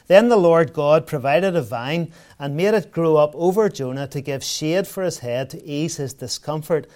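A man's voice: medium pitch, darkish tone. A man preaching a sermon in a conversational way, asking rhetorical questions and telling everyday anecdotes.

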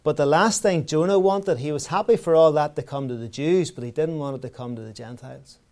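A man's voice: on the high side, fairly quick, a little mellow. A man preaching a sermon in a conversational way, asking rhetorical questions and telling everyday anecdotes.

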